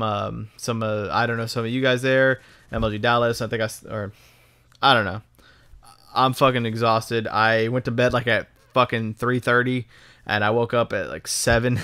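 A young man from Texas chats casually over his gameplay at a middle pitch. His talk rambles, loose and profane, with frequent ums, false starts and repeated words. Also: fairly bright tone, smooth. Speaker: gaming YouTuber.

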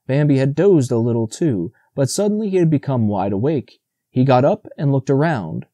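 Man narrating with a dark, mellow voice. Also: medium pitch, no room sound, clean studio sound. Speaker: audiobook narrator. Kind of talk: scripted narration.

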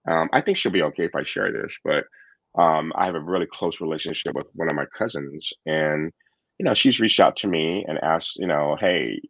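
A man with a very low voice talks candidly and thoughtfully, circling back with fillers and restarts. The sound is dry, with no room echo. It comes over a dull, lo-fi remote call. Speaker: podcast host and coach. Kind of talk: reflective conversational chat. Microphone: remote call microphone.

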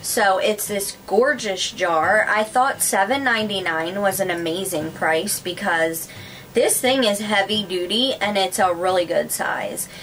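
A woman's voice: medium pitch, unhurried, fairly bright tone, a little hiss or hum, rough recording. A woman chatting casually to her viewers about craft and decor finds, gushing with lots of fillers. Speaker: craft vlogger. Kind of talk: casual haul chat to camera.

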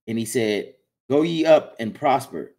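A man reading Bible passages aloud in a plain, steady way, with small slips. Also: medium pitch, measured pace. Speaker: scripture reader.

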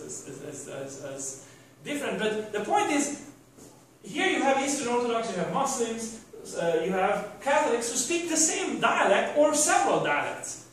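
A man's voice: extremely high pitch, fairly bright tone, a little hiss or hum. A man giving a university lecture, rambling with restarts and rhetorical questions to the class. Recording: echoey room from a distant mic.

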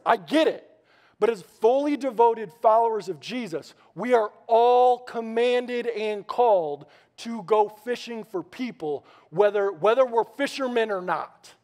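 High-voiced animated pastor, man. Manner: animated storytelling with playful asides. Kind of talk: sermon. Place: church sanctuary before a congregation.

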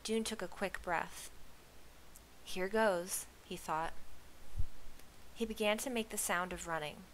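A woman reading a novel aloud with steady, expressive storytelling. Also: on the low side, a little slow, a little hiss or hum, rough recording. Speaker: reader.

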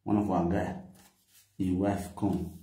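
A man's voice: sits low, little pitch movement, takes it slowly, dark tone, echoey room. A middle-aged man speaking Nigerian Pidgin English, animatedly telling a story with quoted dialogue and frequent laughter. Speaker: vlogger. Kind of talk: casual storytelling to camera.

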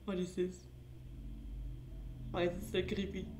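A woman's voice: on the low side, monotone, unhurried. A woman playing a horror game on stream, talking to the screen, laughing and getting startled. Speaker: gaming streamer. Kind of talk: live horror game commentary. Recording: echoey room with clear background noise.

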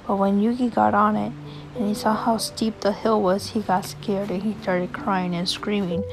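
A woman casually narrating a home-made story in a rambling, unhurried way. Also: mid-range voice, flat delivery, poor audio. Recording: music playing behind.

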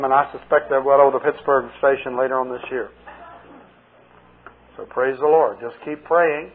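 Male pastor, sermon, joking storyteller, husky voice, phone-like 1980 tape recording. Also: a little high. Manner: chatty, joking, acts out dialogues.

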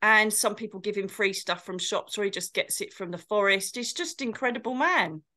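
A woman's voice: medium pitch, a little fast, bright, forceful tone. Chatty woman telling stories. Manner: chatty, rambling, gushing anecdotes. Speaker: co-host and spiritual medium. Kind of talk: casual chat, storytelling.

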